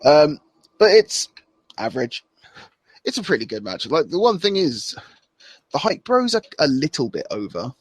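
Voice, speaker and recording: A man's voice: a little high, big pitch swings, moderate pace, pauses often, husky, dry recording. A man co-hosting a podcast, chatting loosely and acting out wrestlers' lines as he recaps. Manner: loose and rambling, acts out wrestlers' lines with laughs. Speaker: podcast co-host. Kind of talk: casual chat.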